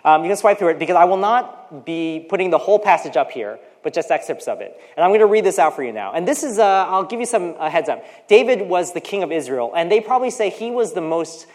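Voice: mid-range voice, animated, fast, hardly any pauses, a little mellow. Preacher in a reverberant hall. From United States. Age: 40s. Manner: conversational, acts out quoted voices, personal asides. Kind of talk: sermon.

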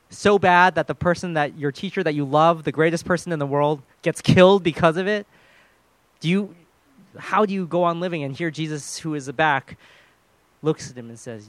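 A man preaching a sermon in an earnest way, often dropping to a soft, quiet voice when he acts out quoted words. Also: on the high side.

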